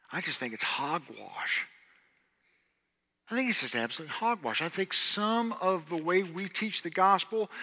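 A man preaching a sermon as pastor, swinging between hushed passages and loud, emphatic outbursts. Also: fairly high pitch. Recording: long hall reverb.

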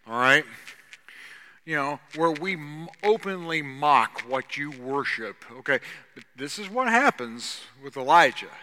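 A man preaching a lively sermon in a hall with a long reverb tail. His voice is bright and sharp, a touch higher than most men. He swings between quiet, sarcastic asides and shouted punchlines. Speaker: pastor.

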